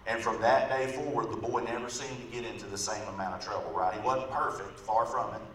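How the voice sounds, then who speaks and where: A man with a lowish voice preaches to a congregation, easygoing and conversational. He's picked up from a distance in a reverberant sanctuary with a faint hiss behind him. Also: steady tone, a little fast. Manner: conversational, often asks "right?" of the congregation. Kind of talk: sermon with a storytelling illustration. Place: church sanctuary. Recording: echoey room from far off, faint background noise.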